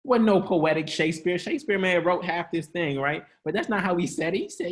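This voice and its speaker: Speaking briskly with few pauses, a high-voiced man delivers a sermon online. He keeps it conversational, laughs a lot and calls out to the people watching.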